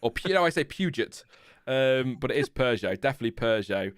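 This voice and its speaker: A man's voice: medium pitch, animated, clear, resonant tone, dry recording, studio quality. Chatty Lincolnshire man hosting a stream. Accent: Lincolnshire English. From Lincolnshire, England. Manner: chatty, self-mocking, quick to laugh. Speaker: livestream host. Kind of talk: casual live chat.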